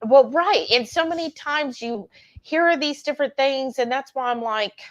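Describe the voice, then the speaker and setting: A woman hosts a livestream in relaxed, candid conversation. Her voice sits a little high, and she rambles through many restarts. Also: moderate pace, muffled recording. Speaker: livestream host. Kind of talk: casual chat.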